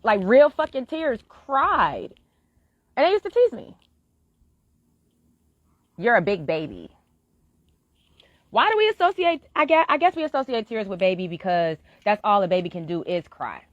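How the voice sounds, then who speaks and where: Blunt, lively woman on a lo-fi stream. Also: a little high, moderate pace, no echo. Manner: blunt, frank, swears freely; earnest, heartfelt encouragement. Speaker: live streamer. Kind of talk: candid live-stream monologue. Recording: dull lo-fi, dry sound.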